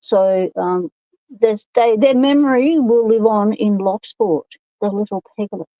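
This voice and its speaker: A woman's voice: mid-range voice, measured pace, dry recording, dull audio. An Australian woman hosting a casual livestream from her home workshop, chatting in a rambling way and greeting viewers by name over a phone microphone. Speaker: livestream host.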